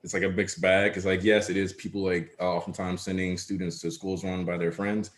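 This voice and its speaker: A man hosting a casual chat, relaxed and joking as he rambles through a story. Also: deep voice, brisk. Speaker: podcast host. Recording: echoey room.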